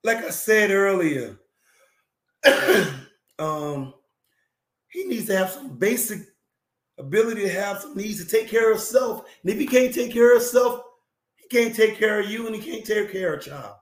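A male talk show host giving emphatic, preachy relationship advice, repeating phrases and often clearing his throat. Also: sits high, lively intonation, normal speed, long pauses, echoey room.

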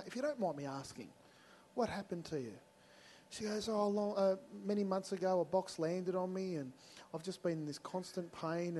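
A man's voice: fairly high pitch, darkish tone, a little hiss or hum. An Australian man preaching a sermon, telling personal stories in a conversational way and acting out both sides of the dialogue. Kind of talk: sermon storytelling.

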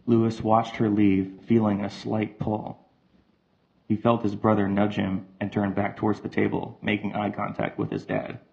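Male narrator, low gravelly voice, very even delivery, slightly dull sound with faint music under it. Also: unhurried. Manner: steady, even reading. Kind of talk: audio drama narration.

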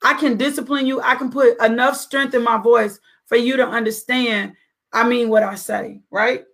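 A woman's voice: on the high side, steady tone, moderate pace, a bit bright. A middle-aged mother giving an earnest, preachy faith-based parenting talk, full of rhetorical questions.

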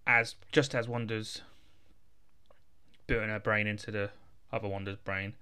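A man's voice: lowish voice, level tone, moderate pace, bright, forceful tone, clear, resonant tone. A man, co-hosting a casual film chat, laid-back and jokey as he quotes the characters. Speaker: podcast co-host.

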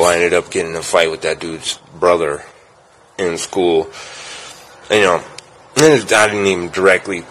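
A young man with a low voice spins a long, loose story, full of ums and swearing. He jumps up loud when he acts out what people said, then drops back to a relaxed mumble. A faint hum of room noise sits under him. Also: low-quality recording. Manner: profane, rambling, with filler words and loud acted-out quotes. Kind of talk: casual storytelling.

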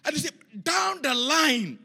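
High, bright-voiced animated preacher man. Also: unhurried, creaky, soft background music. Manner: animated storytelling, repeats phrases, chants syllables. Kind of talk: sermon.

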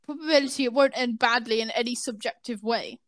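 A woman's voice: on the high side, fast talker, no room sound. A young woman co-hosting a podcast in casual chat, playful and teasing, often giving short replies. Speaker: podcast co-host.

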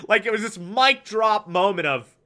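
A man giving a casual, animated TV episode recap, full of fillers and swearing, acting out characters' lines as he goes. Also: high voice. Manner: animated, swears, many fillers, acts out quotes. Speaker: TV show reviewer.

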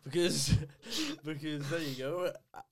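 A man's voice: a little high, steady tone, unhurried, fairly bright tone, no echo. A young man, co-hosting a podcast in casual chat, joking in a mock-serious way and laughing often. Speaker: podcast co-host.

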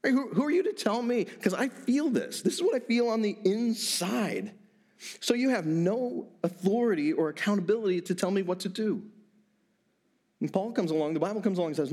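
Middle-aged male pastor, sermon delivery, fairly high voice with lively swings, restarts words in bursts. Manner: animated preaching with quick bursts and repeated words.

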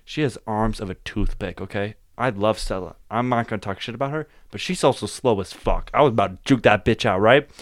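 Young male podcast guest, slightly low voice, lively laughing storyteller. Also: a little fast, hardly any pauses. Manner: laughing often, animated storytelling. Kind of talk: casual storytelling chat.

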